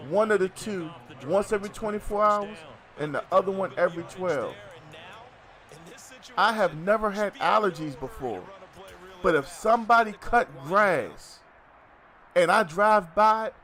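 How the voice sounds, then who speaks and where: Middle-aged male streamer, high voice, loose and jokey, talks to chat while he plays. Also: fairly bright tone. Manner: loose, joking, chatty with viewers. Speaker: gaming streamer. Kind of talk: casual live-stream chat while playing.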